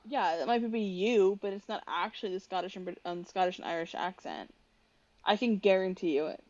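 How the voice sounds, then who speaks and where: A woman's voice: medium pitch, brisk, a little mellow, dry recording, dull audio. A young woman, co-hosting a podcast and arguing bluntly and emphatically. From New Jersey. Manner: blunt and emphatic when disagreeing. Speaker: podcast co-host. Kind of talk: casual chat.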